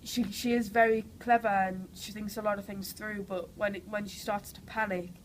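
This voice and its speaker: A young woman from Newcastle, England, an actress with a Geordie accent and a cold, chats enthusiastically through casual interview answers packed with "like" and "you know." Her mid-range voice is flat in delivery and moderate in pace, on a low-quality recording with slight background noise.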